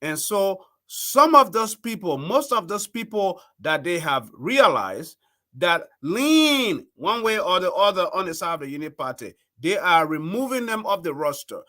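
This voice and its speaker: Liberian man, talk show host, impassioned, bright edgy voice, fairly high. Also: sing-song, a little slow. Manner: impassioned, preachy appeals to viewers. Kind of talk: live political commentary.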